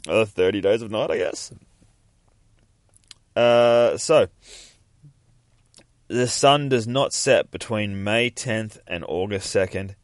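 Low-voiced man rambling through a comic. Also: darkish tone, dry recording, studio quality. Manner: rambling and profane, laughing often. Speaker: podcast host. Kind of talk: casual comic book read-through.

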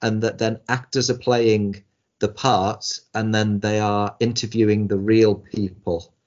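A man's voice: lowish voice, little pitch movement, measured pace, a little mellow. A man co-hosting a casual chat about TV shows, rambling with many restarts and sounding exasperated. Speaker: podcast co-host. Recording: dull lo-fi sound.

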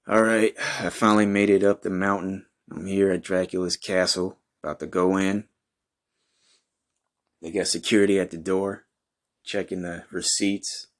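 A man with a deep, low voice narrates his own comic misadventure in a brash, swaggering way. He swears constantly and flares up in shouting outrage. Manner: crude, profane, brash and swaggering. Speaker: comedy podcast host. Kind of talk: improvised first-person comic narration.

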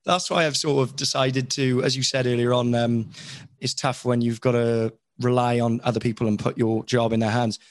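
A man's voice: medium pitch, little pitch movement, normal speed, no room sound. A Welsh man, a voice actor, talking frankly and at length as an interview guest, often criticising himself. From Wales. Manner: frank, rambling and self-critical. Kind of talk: candid conversational chat.

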